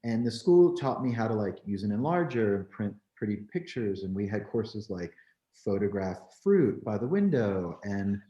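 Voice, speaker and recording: A man from New Jersey, a photographer, telling his story in an animated, candid way, peppering his talk with "like" and "you know.". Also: fairly low pitch, normal speed, dull audio. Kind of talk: storytelling in a conversation. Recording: roomy echo.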